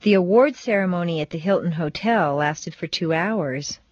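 A woman teaching English pronunciation, reading set phrases and sentences with slow, deliberate, exaggerated stress for learners to repeat. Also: lowish voice, no room sound, highs cut off. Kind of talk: scripted pronunciation drill.

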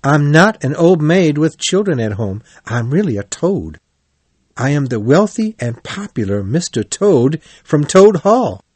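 A man's voice: fairly high pitch, big pitch swings, measured pace, a little mellow, breathy edge, no room sound, pitched above the performer's own voice, full character voice. A man voicing a vain, boastful male toad disguised as a maid, in a whiny, pleading, self-important voice for a storybook reading.

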